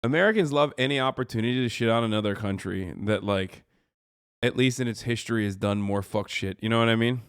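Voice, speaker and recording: A man's voice: medium pitch, fast, smooth, no room sound, clean studio sound. Profane, sarcastic male streamer. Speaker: streamer host. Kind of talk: casual reaction stream.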